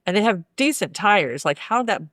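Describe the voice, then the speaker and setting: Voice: mid-range voice, big pitch swings, moderate pace, fairly bright tone, dry recording, studio quality. A podcast co-host giving blunt, sarcastic reactions to a movie, with casual swearing. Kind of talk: casual chat.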